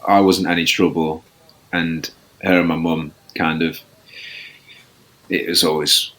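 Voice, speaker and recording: A man's voice: deep voice, level tone, a little slow, fairly bright tone. A man, a podcast guest chatting casually, rambling and self-deprecating with many restarts. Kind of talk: casual chat.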